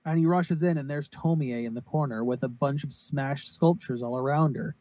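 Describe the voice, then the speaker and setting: A man's voice: fairly high pitch, normal speed, a little mellow, no echo. A man co-hosting a casual podcast, rambling and swearing while he recaps a story and acts out its quotes. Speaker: podcast co-host. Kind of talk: casual chat recapping a horror anime.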